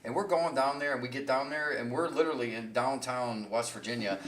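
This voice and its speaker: A man's voice: medium pitch, brisk, a bit bright, roomy sound, far from the mic. A man casually telling rambling, profane road-trip stories on a podcast, often laughing. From Michigan. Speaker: podcast host. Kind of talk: casual storytelling chat.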